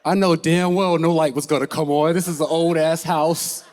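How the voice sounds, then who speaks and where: A man's voice: a little high, normal speed. Man telling a comic story on stage. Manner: animated and comic, laughing as he tells it. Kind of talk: live personal storytelling. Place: theater stage.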